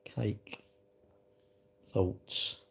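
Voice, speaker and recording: A man doing a chatty live-stream host, rambling from one thought to the next in a blunt, offhand way. He laughs easily and talks to his viewers as if they were in the room. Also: extremely slow. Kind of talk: casual live-stream chat, reading viewer comments.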